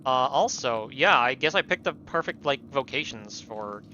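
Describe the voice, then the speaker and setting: A man streaming a story game, thinking out loud and reacting casually with the odd curse. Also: medium pitch, expressive, moderate pace, dull audio, slight background noise. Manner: thinking aloud, swearing, laughing at the game. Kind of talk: let's play commentary.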